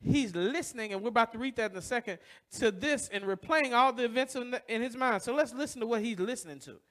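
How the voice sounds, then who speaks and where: In a very high, fast voice, a pastor preaches a sermon in church. He recounts a personal story to the congregation, asks rhetorical questions, and voices other people's lines, punctuated by loud bursts.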